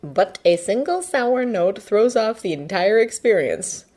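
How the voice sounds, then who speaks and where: A woman narrating a fanfiction audiobook with an expressive, lively reading. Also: mid-range voice, a little slow. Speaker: fanfiction reader.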